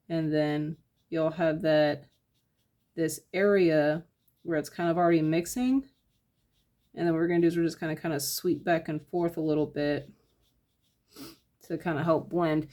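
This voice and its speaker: A painting instructor with a low voice walks through a casual, step-by-step tutorial. She talks her process out in a relaxed, thinking-aloud way, using lots of fillers.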